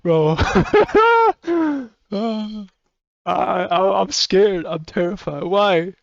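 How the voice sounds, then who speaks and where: Man, streamer, casual rambling chat, profane, slightly high voice, muffled dry mic. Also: fairly even intonation, slow, gravelly, dry recording. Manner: rambling and profane, laughs often.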